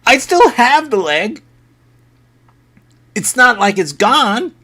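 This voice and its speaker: A man's voice: very high voice, very animated, slow, sharp tone, pitched above the performer's own voice, heavily acted. A man voicing a boastful thirteen-year-old boy who is indignant and given to dramatic outbursts.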